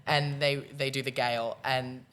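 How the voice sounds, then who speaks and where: A man's voice: medium pitch, little pitch movement, moderate pace, noisy background. A teenage boy with an Australian accent, a school musical cast member telling rambling stories with frequent laughs in a casual podcast chat. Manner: rambling storyteller, laughs often.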